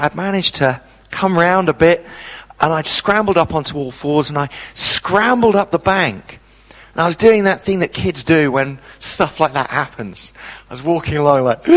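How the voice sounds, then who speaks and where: Preacher with lively storytelling. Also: male voice, fairly high pitch, in a large hall. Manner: dramatic storyteller, vivid pauses. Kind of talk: sermon with personal storytelling.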